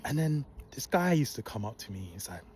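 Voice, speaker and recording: A man telling a personal story in a casual, soft and humble tone, calm and unhurried. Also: medium pitch, a little hiss or hum. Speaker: vlogger recounting a work story.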